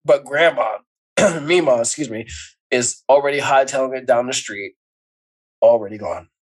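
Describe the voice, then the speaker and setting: Podcast co-host, male, mid-pitched, chatty animated recap delivery. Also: moderate pace, breathy edge, rough recording. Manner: animated storytelling, acts out characters' lines with laughs. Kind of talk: casual movie recap chat.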